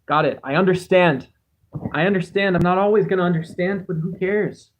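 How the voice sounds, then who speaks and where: A man with a somewhat high voice hosts a relaxed livestream. He reads chat messages aloud and wanders from thought to thought, often putting himself down. He talks into a cheap home microphone. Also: fairly quick, slight background noise. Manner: rambling, musing, self-deprecating. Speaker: livestream host.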